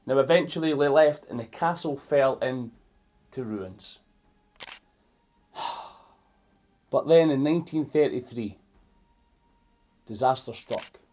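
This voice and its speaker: Husky-voiced Scottish man reading a storybook. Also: fairly high pitch. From Scotland. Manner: animated and playful, stopping to explain words to young listeners. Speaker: children's storyteller. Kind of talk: reading a picture book aloud to children.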